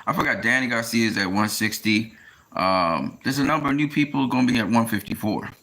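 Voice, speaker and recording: A man talking casually in a rambling monologue, often pausing with fillers as he tries to recall names. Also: medium pitch, gravelly, pushed and bright. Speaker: boxing commentator.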